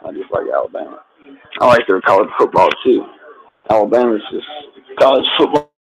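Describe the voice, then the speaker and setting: A middle-aged man in rambling, profane casual chat who keeps repeating himself and tacking on "man", and shouts at televised football. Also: lowish voice, fairly quick, dull audio. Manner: yells excitedly at a football game on TV.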